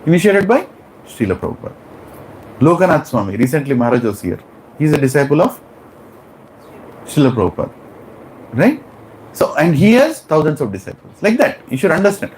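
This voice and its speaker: A man's voice: on the high side, a little fast, pauses often, a little hiss or hum, low-quality recording. A man with an Indian English accent teaching a spiritual class, telling stories animatedly and asking his students questions. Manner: animated, acts out characters, asks the class questions. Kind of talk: class lecture with storytelling.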